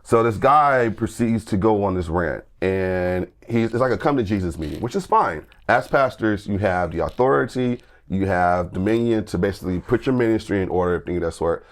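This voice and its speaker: A man with a fairly low voice spins a long anecdote on a podcast, stopping and restarting as he goes. He peppers it with "like" and "I'm like", slipping into quoted voices of the people in his story. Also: lively intonation, normal speed, hardly any pauses. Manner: tells anecdotes with lots of restarts and acted-out quotes; fillers like "like" and "I'm like". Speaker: guest church musician. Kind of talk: animated storytelling in a podcast conversation.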